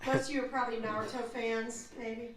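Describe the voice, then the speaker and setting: A woman's voice: fairly high pitch, flat delivery, brisk. A woman voice actress speaking on a convention panel, brash and joking as she teases the crowd. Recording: echoey hall, distant mic, crowd.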